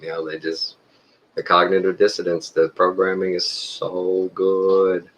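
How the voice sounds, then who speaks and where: Deep-voiced rambling Texan man. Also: completely flat delivery, unhurried, slight background noise, rough recording. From Texas. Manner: rambling, folksy, chuckles often. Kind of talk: casual monologue to viewers.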